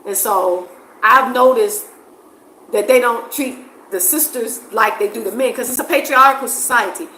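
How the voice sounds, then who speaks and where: A woman from the States talks casually and expressively to her viewers, laughing easily. Her voice sits a little high. The room rings with echo, and a faint hiss runs underneath. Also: moderate pace. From United States. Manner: expressive, animated, laughs often. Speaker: vlogger. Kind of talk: casual talk to camera.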